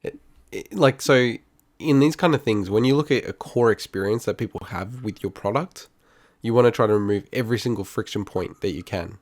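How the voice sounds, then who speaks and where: A man's voice: on the low side, a little fast, no echo, studio quality. A man co-hosting a podcast, arguing his point in casual chat and laughing often. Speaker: podcast co-host.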